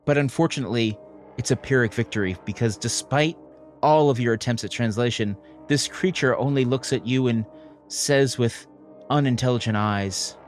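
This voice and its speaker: A man narrating a tabletop role-playing game as game master in a calm, measured way. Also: medium pitch, soft background music.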